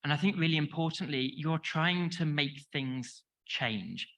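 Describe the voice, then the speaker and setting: A man's voice: on the high side, measured pace, fairly bright tone, poor audio. A man with a London accent gives a chatty, self-deprecating conference talk, short on sleep and full of restarts. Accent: London English. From England. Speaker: conference speaker. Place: conference hall.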